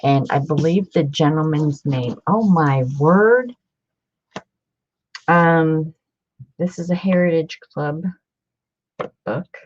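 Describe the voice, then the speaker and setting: A woman's voice: deep voice, steady tone, slow, long pauses, a little mellow, lo-fi sound. A woman talking casually as she shows off books from her collection, chatty and gushing over each find. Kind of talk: casual vlog show-and-tell.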